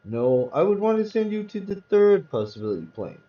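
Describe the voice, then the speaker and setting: A man's voice: high-pitched, very animated, normal speed, voice pushed up. A man reading aloud, voicing a small hospital lab technician who explains things patiently. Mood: explaining. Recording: roomy, distant, dull sound.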